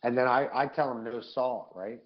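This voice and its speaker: A man co-hosting a live podcast, telling profane, animated stories in casual chat. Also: mid-range voice, normal speed, highs cut off. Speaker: podcast co-host.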